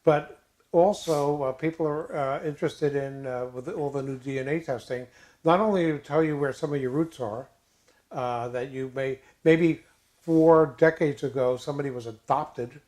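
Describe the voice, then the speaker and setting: Halting older man in casual chat. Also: a little high, a little mellow. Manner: halting, many fillers and restarts; jokey asides. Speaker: co-host.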